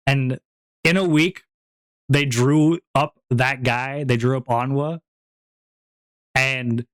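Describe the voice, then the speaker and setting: A man's voice: mid-range voice, fairly bright tone, smooth, no echo. A young man chatting casually on a stream, rambling, repeating himself and laughing often. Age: young adult.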